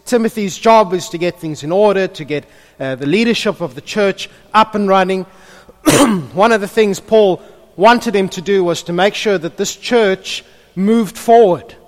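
A man's voice: high voice, a little slow. Man preaching in an echoing hall. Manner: hushed in prayer, then lively and emphatic preaching. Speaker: pastor. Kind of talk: prayer and sermon. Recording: long reverb of a large hall.

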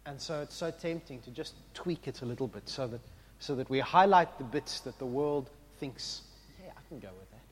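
A man preaching a sermon, with an impassioned delivery that swings from quiet reflection to loud exclamation. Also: mid-range voice, animated, moderate pace, slightly rough. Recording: long hall reverb.

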